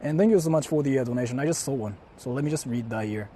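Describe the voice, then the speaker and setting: Faint traffic hums behind a male live-streamer walking a city street at night, chatting casually into a handheld mic. His medium-pitched voice races along in a dark, mellow tone, yet comes out in loud, crude, taunting bursts that slip between English and Japanese.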